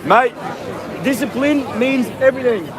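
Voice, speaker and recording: High-voiced Australian man, loud and profane. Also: expressive, normal speed, crowd noise. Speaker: livestreamer. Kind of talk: live street stream. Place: city street outdoors.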